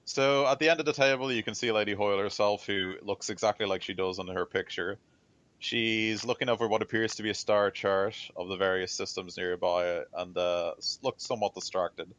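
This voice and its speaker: A male game master narrating a tabletop game in a very low voice. He talks in a relaxed, hesitant way, full of fillers. The recording is dry and muffled. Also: fairly quick, dry recording.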